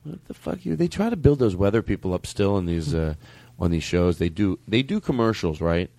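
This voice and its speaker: A man hosting a comedy podcast, rambling and laughing as he riffs, his pitch swinging widely up and down. The sound is close and dry, with faint music underneath. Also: brisk, creaky, dry recording. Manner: rambling, animated, laughs often. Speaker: podcast host. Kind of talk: casual comedic chat.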